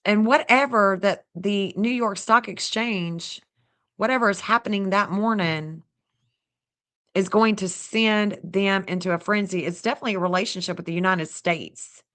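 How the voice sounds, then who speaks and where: A woman hosting a casual livestream, chatty and excitable, talking straight to her viewers and laughing often. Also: mid-range voice, moderate pace. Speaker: livestream host reading astrology maps.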